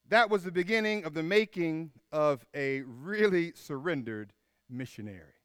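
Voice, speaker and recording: High, clear-voiced preacher man, emphatic. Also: animated, moderate pace, no room sound, clean studio sound. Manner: emphatic, repeats key phrases, drops to a hush on final words. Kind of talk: sermon.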